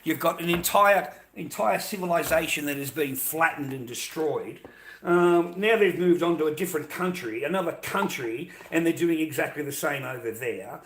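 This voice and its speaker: A middle-aged Australian man rants straight to his audience, sarcastic and mocking, with heavy swearing. His voice sits a little high and has a sharp, bright edge. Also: normal speed. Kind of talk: ranting monologue.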